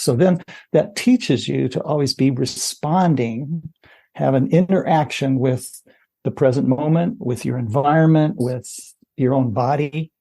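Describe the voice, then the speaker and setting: Male podcast guest: gravelly, warm and a little husky, talks in a relaxed, explanatory way. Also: mid-range voice, a little slow. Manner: relaxed, explanatory, many "you know" fillers. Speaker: podcast guest, running coach. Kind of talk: casual interview talk.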